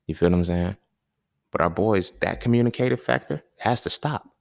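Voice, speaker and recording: A man hosting a podcast, talking in a loose, slangy, conversational monologue that keeps checking in with the listener, with sudden animated bursts and chuckles. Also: sits low, fairly quick, vocal fry, dry recording, studio quality. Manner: loose, conversational, slangy, often asks "you feel me". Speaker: podcast host. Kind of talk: casual monologue.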